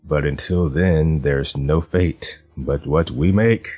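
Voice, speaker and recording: A man's voice: extremely low pitch, slow pace, a little mellow, slightly rough, soft background music. A man hosting a podcast in casual chat, jokey and given to giggling. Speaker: podcast host.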